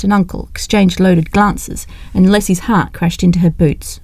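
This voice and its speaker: Woman reading a novel aloud, mellow warm voice, dry close sound. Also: lowish voice, steady tone, normal speed, few pauses, dry recording. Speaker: narrator. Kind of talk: audiobook narration.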